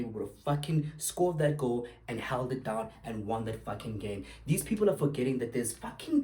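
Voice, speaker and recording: Young man, heated football rant, cursing, sarcastic, mid-pitched voice. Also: warm tone. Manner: heated, swearing, sarcastic outbursts. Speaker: podcast host.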